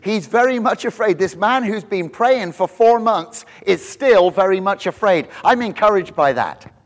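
A middle-aged male pastor preaching a sermon in church, telling the story with lively acted-out quotes and frequent restarts. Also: high voice, normal speed. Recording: long hall reverb.

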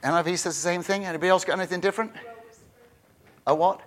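Male preacher, chatty sermon delivery, slightly high voice, repeats words for stress. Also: fairly even intonation, fast. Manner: conversational, repeats words when stressing a point.

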